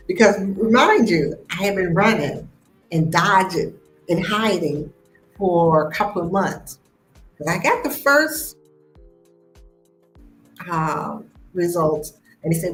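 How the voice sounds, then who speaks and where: A woman's voice: lowish voice, slow, pauses often. Woman telling her story in an echoey room. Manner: animated, acts out the voices in her story. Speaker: host of a live stream. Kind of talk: personal storytelling on a live stream. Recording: echoey room with faint music behind.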